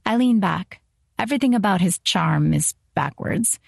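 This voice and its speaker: A woman's voice: fairly low pitch, lively intonation, normal speed, gravelly, a little mellow, husky, no room sound, clean studio sound. A woman reading a romance audiobook in first person, wry and self-conscious. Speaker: audiobook narrator.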